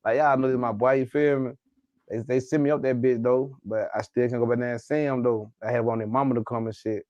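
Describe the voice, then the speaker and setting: A man's voice: medium pitch, fairly even intonation, fast, mellow, dry recording, lo-fi sound. A man with a Southern Alabama accent, telling a story as a guest in a casual interview, loose and slangy.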